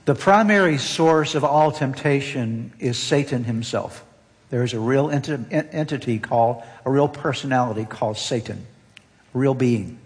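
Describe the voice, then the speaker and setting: A pastor preaching a sermon, earnest and emphatic, repeating key phrases for weight. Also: male voice, mid-range voice. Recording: long hall reverb.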